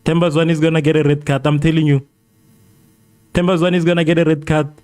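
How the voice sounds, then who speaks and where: A South African man hosting a live football watchalong, reading viewers' comments and reacting excitedly, often repeating phrases. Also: on the high side, fast. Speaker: livestream host.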